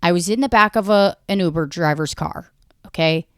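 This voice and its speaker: A woman comic hosting her own podcast, talking in a low-set voice. She rambles in a profane, self-deprecating, wry way. Her voice comes through smooth and close on the mic, with a dry, dead sound. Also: normal speed, a bit bright, no echo. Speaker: comedian podcast host. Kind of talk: rambling comedic monologue.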